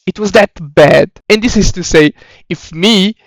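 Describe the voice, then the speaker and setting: A young man giving sarcastic, mocking comedic commentary, with a voice he calls not very deep. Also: a little slow, no echo. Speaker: YouTube commentator.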